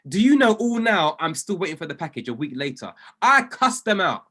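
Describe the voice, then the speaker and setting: A man, coaching a group on trading in an animated, preacher-like way with lots of emphasis and repetition. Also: sits high, a little fast. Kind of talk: motivational talk to a group.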